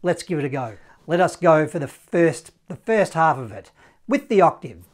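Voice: medium pitch, very animated, normal speed. A saxophone teacher giving a casual, encouraging online lesson, scatting note rhythms and counting in.

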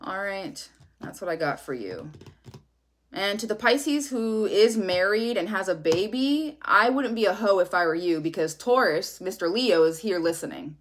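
A woman's voice: medium pitch, lively intonation, moderate pace. A woman giving a casual tarot reading, talking bluntly with lots of swearing and a sassy edge. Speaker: tarot reader.

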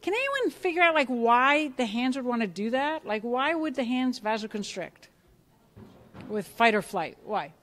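An animated woman, a biofeedback clinician, presents a lively hands-on workshop lecture to a live audience in a conference room. Her voice is a little high and moves at normal speed. She asks the audience questions and acts out reactions.

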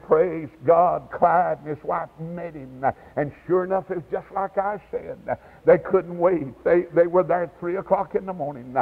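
Husky evangelist on tinny church tape. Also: male voice, a little high. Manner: storytelling preacher, swings from hushed to hollering. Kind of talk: revival sermon. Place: church sanctuary.

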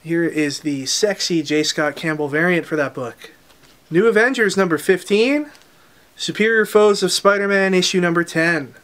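A man hosting a comic shop unboxing, listing new releases title by title in a casual rundown with quick asides. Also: sits high, a bit bright.

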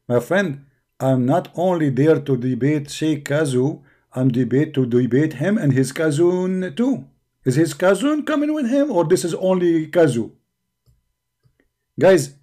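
Man, middle-aged, sarcastic taunting monologue, slightly high voice, warm tone. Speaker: online debater. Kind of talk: mocking stream monologue.

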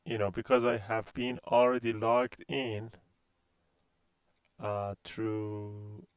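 A man's voice: fairly low pitch, little pitch movement, takes it slowly, clean tone, no echo, highs cut off. A man in his thirties from Iran with a Persian accent, a university instructor giving a recorded course introduction, hesitant and full of fillers.

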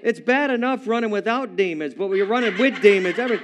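Male preacher with a slightly high voice, playful storyteller, jokes with the congregation. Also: quick pace, a crowd in the background, background noise. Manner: playful, animated, chuckling asides to the congregation. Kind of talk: humorous storytelling sermon. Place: church service with a live congregation.

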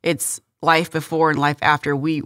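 Halting, earnest woman sharing her testimony. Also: deep voice, little pitch movement, fairly bright tone, no room sound, studio quality. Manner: halting and earnest, with many restarts. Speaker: guest. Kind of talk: personal testimony in a faith interview.

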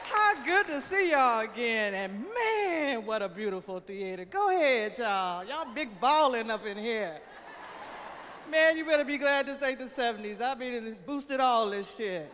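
On a big theater stage, a brash older female comedian performs stand-up in a lively, fairly high-pitched voice. Her storytelling is profane and animated, and the sound carries a long theater reverb plus faint noise.

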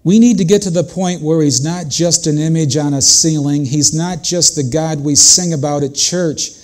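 A man's voice: fairly high pitch, moderate pace. An older man preaching a sermon as a pastor, earnest and conversational, speaking directly to his congregation.

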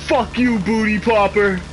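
Over a noisy background, a high-pitched man streams a game and delivers live commentary. His talk is loose and profane, full of animated trash talk.

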